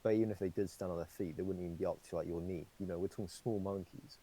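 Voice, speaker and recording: Young guy rambling on a podcast, low mellow voice, says like a lot. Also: steady tone, very fast, breathy edge, rough recording. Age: young adult. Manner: rambling, many "like" fillers, swears freely. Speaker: podcast co-host. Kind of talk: casual chat.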